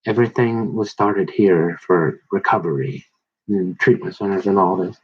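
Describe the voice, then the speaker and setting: A man telling rambling personal stories, digressive and halting, with many restarts and asides. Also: low-pitched, slightly rough. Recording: dull lo-fi recording.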